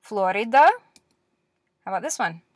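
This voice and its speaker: A woman teaching a language lesson as a recorded lecture, explaining patiently step by step and leaving pauses for practice. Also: medium pitch, lively intonation, a bit bright, no room sound, studio quality.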